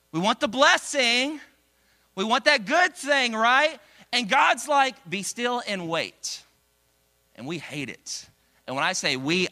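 Brief: young male preacher, bright forceful tone, slightly high voice, animated storytelling delivery. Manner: energetic, animated, acts out quotes with big pitch jumps. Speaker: pastor. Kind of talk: sermon.

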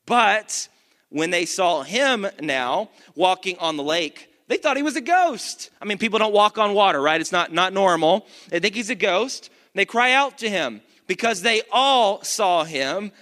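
A male pastor giving an energetic sermon, reading scripture and calling out to the congregation. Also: high-pitched, measured pace. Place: church. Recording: long church reverb.

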